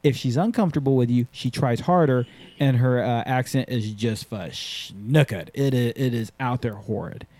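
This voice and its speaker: A man hosting a podcast and working as a skydiving instructor, telling animated, profanity-laced stories in casual chat. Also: mid-range voice, moderate pace.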